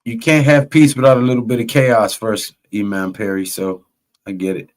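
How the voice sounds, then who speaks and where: A man's voice: lowish voice, fairly even intonation, moderate pace. A man hosting a live game-watch stream, greeting chat viewers by name and calling the plays like a broadcaster. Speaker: host.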